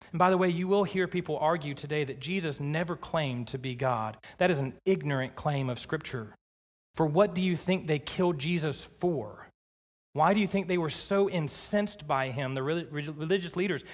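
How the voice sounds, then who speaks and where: Pastor guy preaching, kinda high voice, long echo off the sanctuary. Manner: emphatic preaching, slowing down to stress scripture. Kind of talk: sermon. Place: church sanctuary. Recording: long church reverb.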